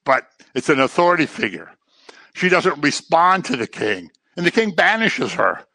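A man preaching a sermon in a conversational way, with joking asides and animated delivery. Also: a little high, normal speed, no echo.

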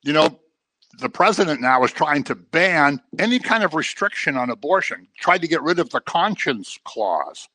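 Here a middle-aged man leads a casual Bible study, using repetition for emphasis and putting on a low, mocking voice to mimic people. He speaks at a moderate pace with big pitch swings, and his bright, forceful tone is captured in a dry recording.

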